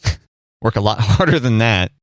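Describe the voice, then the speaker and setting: A man's voice: fairly low pitch, expressive, moderate pace, dry recording, clean studio sound. A man in his thirties co-hosting a podcast, teasing dryly and laughing often in casual chat. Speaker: podcast co-host.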